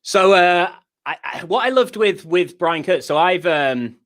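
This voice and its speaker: A man's voice: high-pitched, expressive, measured pace, fairly bright tone. A man with a British accent co-hosting a podcast in casual chat, easygoing and hesitant, with lots of fillers. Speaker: podcast co-host.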